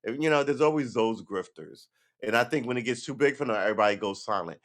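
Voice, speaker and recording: A man's voice: medium pitch, fast, fairly bright tone. A man talking casually on a livestream, rambling and profane, with sarcastic asides. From United States. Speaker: livestream host.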